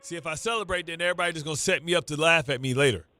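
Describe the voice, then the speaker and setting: Male sports radio host, nervous stammering banter, bright and dry. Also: a little high, very fast, no room sound. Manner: stammering, repeats himself, nervous joking. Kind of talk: excitable sports talk banter.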